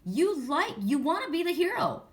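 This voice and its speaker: A middle-aged woman giving a casual oracle card reading, chatty and animated, telling stories and laughing as she talks. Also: sits high, normal speed.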